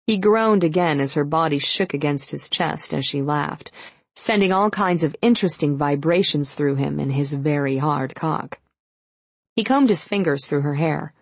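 Woman, audiobook narrator, low, gravelly, steady. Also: moderate pace, no echo. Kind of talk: scripted narration.

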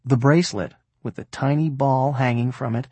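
An expressive male audiobook narrator with a husky, breathy voice at a middling pitch. He reads a story and slips into the characters' voices. The sound is dry and close, with no room echo. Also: moderate pace.

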